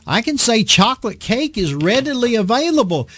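An animated preacher with a very high voice teaches a Bible lesson in a conversational sermon, asking his listeners rhetorical questions. His pace is moderate, and the studio-quality recording has no echo.

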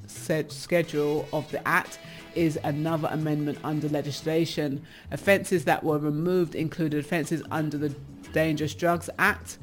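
A woman with an English accent hosting a radio show, reading out items and chatting about them, often laughing. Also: low voice. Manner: chatty, laughs often, comments on what she reads. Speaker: radio host. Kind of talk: casual radio chat, reading out news items.

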